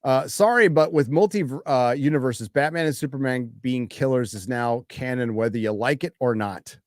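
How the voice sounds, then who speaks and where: A man's voice: mid-range voice, normal speed, dry recording. Give me a laid-back man hosting a live stream, recorded dry and close. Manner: laid-back, chuckling asides. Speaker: show host reading out donations. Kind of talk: casual live-stream chat.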